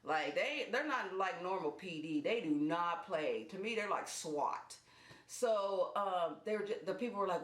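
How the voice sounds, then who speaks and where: Animated woman, echoey room. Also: fairly low pitch. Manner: animated, fast bursts when retelling action. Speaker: storyteller. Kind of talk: casual storytime vlog.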